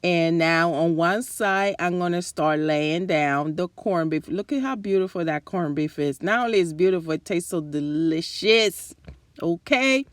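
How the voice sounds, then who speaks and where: A woman's voice: lowish voice, unhurried, no room sound, studio quality. A woman from the New Jersey and New York area hosting a casual cooking demonstration in her kitchen, chatty and enthusiastic, talking straight to her viewers while she is losing her voice. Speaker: cooking channel host. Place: home kitchen at the stove.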